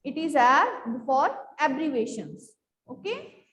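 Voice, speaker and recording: A woman's voice: sits high, big pitch swings, takes it slowly, slight background noise. A woman teaching a grammar class, repeating her questions to the students and filling with "you can say". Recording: echoey room with long reverb.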